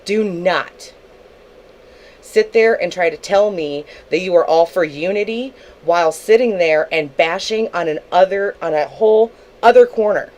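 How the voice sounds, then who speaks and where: A young woman's low-ish, slightly slow and slightly mellow voice comes through a low-quality recording as she lashes out at another streamer on her livestream. Her rant is furious, full of profanity, and confrontational.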